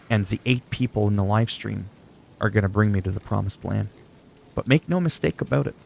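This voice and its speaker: A man's voice: lowish voice, vocal fry, a little mellow. A man from Canada chatting casually on a gaming livestream, joking and rambling while he answers chat.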